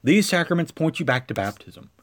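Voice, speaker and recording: Male pastor, sermon, slightly higher voice, measured cadence, emphatic swells. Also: big pitch swings, a bit bright.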